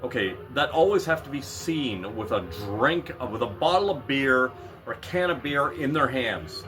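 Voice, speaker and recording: A man's voice: mid-range voice, lively intonation, normal speed, over music. A middle-aged man ranting in a blunt, profane way in a vlog, laughing at himself now and then. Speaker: vlogger.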